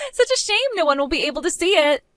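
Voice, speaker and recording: A woman's voice: sits high, big pitch swings, normal speed, a bit bright. A woman voicing a spiteful, childish young woman in an amateur voice drama, with a mocking, whiny way of talking.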